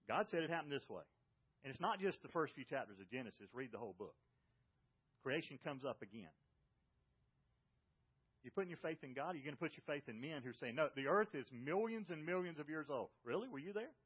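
Animated preacher with a dull recording. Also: male voice, fairly high pitch, a little fast, pauses often, breathy edge. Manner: animated preaching with rhetorical questions. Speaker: pastor. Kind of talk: sermon. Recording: dull lo-fi audio.

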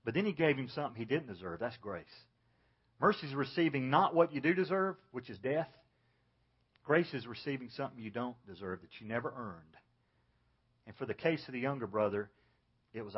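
A pastor preaching an earnest sermon, dropping low and soft to stress his points. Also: animated, brisk, pauses often, breathy edge, lo-fi sound.

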